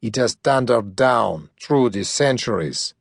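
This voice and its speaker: A man's voice: mid-range voice, lively intonation, unhurried, vocal fry, dry recording, studio quality. A man voicing a smug, wisecracking blackmailer. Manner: brash, wisecracking and crude. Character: smug male blackmailing hustler, pushy.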